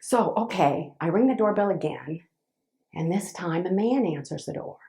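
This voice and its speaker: Telling a personal story to a live audience, a motivational speaker talks in a gravelly voice on the low side. She's expressive but halting, restarts often, and swings between loud and hushed.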